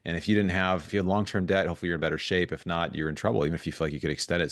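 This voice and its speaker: A man speaking as a guest in a podcast interview, telling stories in an animated way with frequent restarts. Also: sits low, dry recording, studio quality. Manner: fast, animated storytelling with restarts. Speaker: guest investor.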